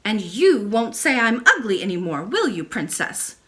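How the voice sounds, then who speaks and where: A woman's voice: mid-range voice, sing-song, normal speed, pushed and bright. A woman voicing a cross, old-fashioned nurse who talks coldly and huffily to a child. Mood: huffy. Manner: cold, scolding, huffy.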